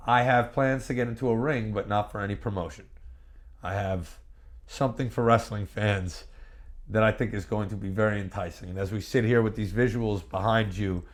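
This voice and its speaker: A man's voice: lowish voice, moderate pace. Brash, profane man in a candid interview. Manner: animated storyteller with bursts of repeated words. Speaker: former pro wrestler interviewee.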